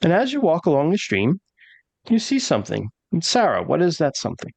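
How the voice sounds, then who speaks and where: A man's voice: fairly high pitch, huge pitch swings, brisk, gravelly, darkish tone, dry recording. Rambling male game master, dry sound. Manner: rambling, many fillers. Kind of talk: narrating a tabletop game.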